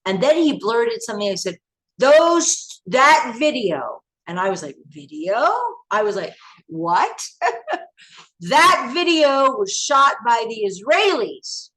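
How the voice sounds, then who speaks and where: A woman from the United States, an interview guest, telling past events in an animated, emphatic way with many restarts. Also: on the high side, normal speed, rough recording.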